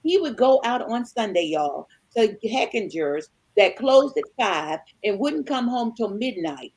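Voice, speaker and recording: A woman in her sixties with a husky, slightly breathy voice and a fairly high pitch. She tells her stories with animated back-and-forth dialogue and calls her listeners y'all. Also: unhurried, rough recording. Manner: animated, acts out both sides of conversations, addresses listeners as y'all. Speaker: married guest panelist. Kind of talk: storytelling chat.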